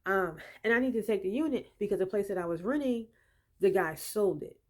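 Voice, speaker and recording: A woman's voice: medium pitch, lively intonation, fairly quick, a little mellow. A woman telling of a dispute with her landlord in a casual, emphatic and exasperated way, with frequent fillers. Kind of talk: casual spoken testimony.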